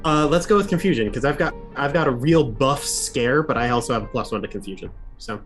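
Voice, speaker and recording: A man playing a tabletop game, chatty and thinking out loud. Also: mid-range voice, a little fast, faint music behind. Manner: chatty, thinks aloud with fillers. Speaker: player. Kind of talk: casual tabletop game chat.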